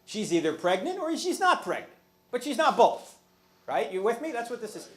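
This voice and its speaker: A man with a fairly high voice speaks as a guest lecturer before a live audience. He mixes jokes into his points and keeps asking the crowd whether they follow him. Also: big pitch swings, moderate pace, a bit bright. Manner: humorous, asks the audience questions.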